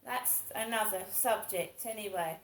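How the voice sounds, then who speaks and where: In a measured, mid-range voice, a woman in her fifties delivers a casual vlog monologue, rambling and repeating herself with an aggrieved air. The low-quality audio sounds roomy and carries a little hiss or hum.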